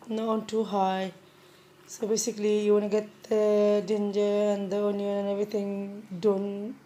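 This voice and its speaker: A woman hosting a casual home cooking tutorial with a croaky voice from a sore throat, chatty and repeating herself with many ums. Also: mid-range voice, mellow, slight background noise. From Bangladesh.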